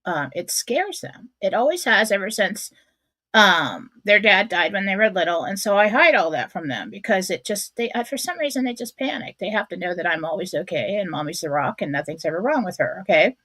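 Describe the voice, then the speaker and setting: Bright, candid woman storyteller. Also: mid-range voice, lively intonation, fairly quick, dry recording. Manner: candid, self-mocking, acts out her own thoughts. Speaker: radio show host. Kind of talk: personal storytelling monologue.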